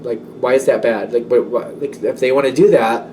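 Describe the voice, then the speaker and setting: A man's voice: mid-range voice, steady tone, moderate pace, warm tone, distant mic, a little hiss or hum. A man giving a casual tarot reading, rambling and self-doubting, with many fillers. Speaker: tarot reader.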